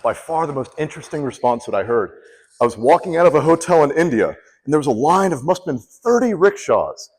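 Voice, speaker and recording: A contest speaker with a slightly high voice moves briskly through a humorous storytelling speech, acting out the quoted people with animation. There's slight background noise and a long hall reverb.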